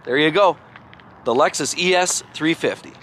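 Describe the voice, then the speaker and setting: A man's voice: a little high, moderate pace, a bit bright, a little hiss or hum. A man doing an enthusiastic walkaround of cars, praising each detail. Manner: effusive, praising every detail. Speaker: car reviewer. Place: outdoors beside parked cars.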